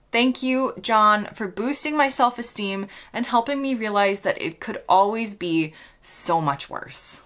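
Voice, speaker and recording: An American woman with a croaky voice, reading out comments and answering them with dry, mock-sincere sarcasm. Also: mid-range voice, expressive, measured pace, hardly any pauses, fairly bright tone. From United States. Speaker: vlogger.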